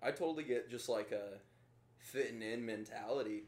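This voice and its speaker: A man's voice: mid-range voice, moderate pace. A man chatting bluntly as a podcast co-host, swearing freely and laughing often. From Kentucky. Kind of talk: casual chat. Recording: echoey room.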